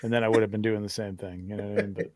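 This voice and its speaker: A man's voice: fairly low pitch, little pitch movement, very fast, darkish tone. A man co-hosting a casual chat, mumbling and self-deprecating, often trailing off. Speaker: regular co-host.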